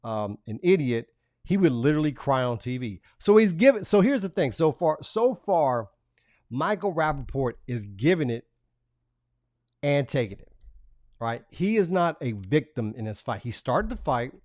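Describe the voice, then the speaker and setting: A man's voice: on the high side, sing-song, moderate pace, darkish tone, no echo, studio quality. A man hosting a live stream, talking casually and reading messages aloud in a profane, mocking way, laughing between lines. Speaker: livestream host.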